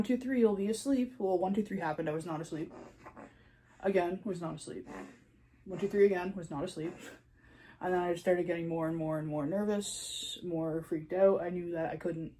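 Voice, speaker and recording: A woman's voice: fairly low pitch, warm tone, rough recording. A young woman casually telling her birth story in a chatty way, full of "like", acting out her own panicked words.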